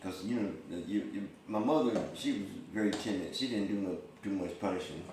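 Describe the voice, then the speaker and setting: A man's voice: on the low side, a little fast, a little mellow. A man speaking bluntly and profanely in a casual storytelling chat. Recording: echoey and distant with faint noise.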